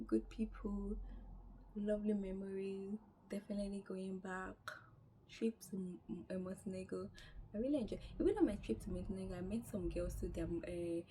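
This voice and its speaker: A woman's voice: mid-range voice, a little fast, slight background noise. Chatty young woman vlogging outdoors. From Nigeria. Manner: animated, chatty, acts out quoted dialogue. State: tired. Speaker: travel vlogger. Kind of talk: casual storytelling vlog.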